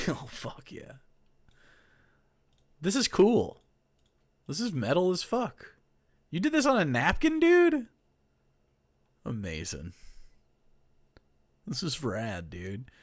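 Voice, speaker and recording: Man streamer, casual reaction commentary, unhurried delivery, swings up and down in pitch. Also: huge pitch swings. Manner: loose, profane, drawn-out reactions.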